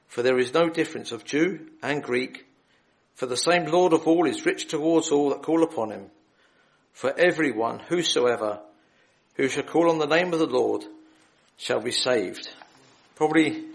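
Earnest preacher man, gravelly voice. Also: on the high side, low-quality recording. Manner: earnest, reads scripture then appeals to listeners directly. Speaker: lay preacher. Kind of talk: gospel preaching. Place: hall.

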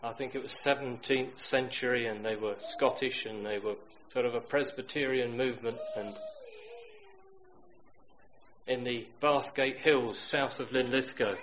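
A man's voice: medium pitch, fairly even intonation, moderate pace, few pauses, poor audio. Storytelling male preacher with faint hiss. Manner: storytelling, swings from loud emphatic to quiet. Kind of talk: sermon.

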